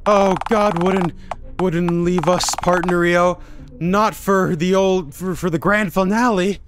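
A man's voice: sits high, fairly even intonation, slow pace, noisy background. A man reading game dialogue aloud as a cheery, neighborly man who calls everyone partner in a homey drawl. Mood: folksy. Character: folksy cheery neighborly man, doomsday-calm. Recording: game music behind.

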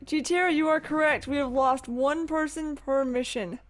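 A man's voice: very high voice, fairly even intonation, moderate pace, fairly bright tone. A man casually commenting on his video game play, chatty and swearing freely as he reacts aloud. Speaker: let's play gamer.

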